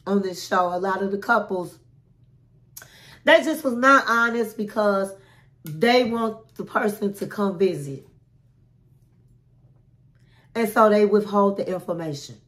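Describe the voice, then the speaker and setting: A woman hosting a casual reality TV recap, telling it in a sassy, animated way and calling the listener honey. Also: mid-range voice.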